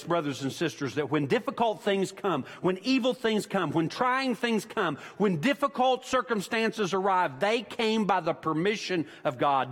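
A man's voice: high-pitched, fairly bright tone. A man preaching a sermon as pastor, emphatic and repeating his key points for weight. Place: church sanctuary. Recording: long church-hall reverb.

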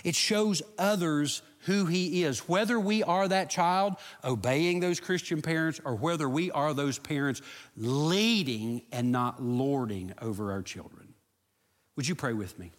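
A man's voice: fairly high pitch, animated, a little slow. A middle-aged man, a pastor, preaching a sermon with a story and then leading an earnest prayer. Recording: long hall reverb.

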